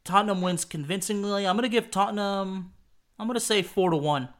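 A man's voice: high-pitched, fairly quick, fairly bright tone. A man co-hosting a casual football prediction chat, hesitant and repeating words, laughing often. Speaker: podcast co-host.

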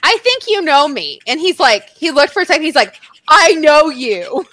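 A woman co-hosting a casual chat, telling a story in an animated way, swearing freely and acting out what people said. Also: sits high, a little fast, no room sound, rough recording.

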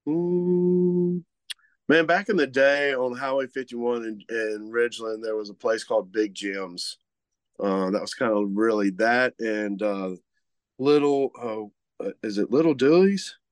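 A man's voice: mid-range voice, measured pace, no room sound. A man co-hosting a casual chat, rambling with lots of fillers and restarts. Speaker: co-host, meat market owner.

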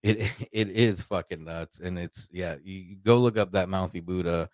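A man from Arkansas tells a loose, swearing story in a casual podcast chat. His voice sits low, and the recording is dry and close. He slips into quoted voices as he goes. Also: moderate pace, no echo. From Arkansas, United States. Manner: rambling, profane, animated retelling with quoted voices.

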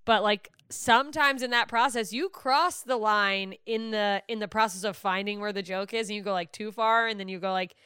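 A woman's voice: mid-range voice, moderate pace, hardly any pauses, bright, forceful tone, smooth. A woman comedian and podcast host in casual chat, laughing often and talking in loose, filler-heavy riffs.

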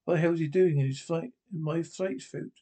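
A man's voice: on the high side, fairly even intonation, a little fast, warm tone, close to an everyday voice. A man reading the lines of a tough, blunt female pilot in a curt, commanding way, in his own voice.

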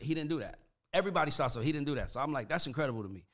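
A man in casual conversation, animated and profane, breaking into laughs as he talks. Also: on the high side, fast talker.

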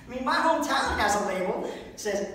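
A man doing a rambling stand-up comedy set at a fundraiser, breaking into high squeaky impressions and little sung bits. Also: sing-song, brisk, fairly bright tone, slight background noise. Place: event room at a fundraiser. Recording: roomy hall, mic far off.

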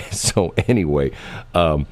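A man's voice: rumbling low, takes it slowly, darkish tone. A middle-aged man hosting a morning radio show, rambling in casual chat and laughing often, recorded in a radio studio.

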